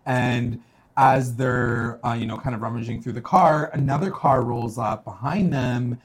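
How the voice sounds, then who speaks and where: A woman's voice: very deep voice, a little slow. A woman co-hosting a casual chat, animatedly retelling a story and acting out quotes in shifting voices. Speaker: podcast co-host recapping a TV episode.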